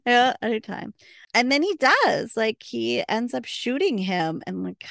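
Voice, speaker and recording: A woman's voice: on the high side, big pitch swings, measured pace, vocal fry, fairly bright tone, dry recording, clean studio sound. A woman co-hosting a podcast, chatting casually and recounting scenes with quoted dialogue. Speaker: podcast co-host. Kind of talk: casual recap chat.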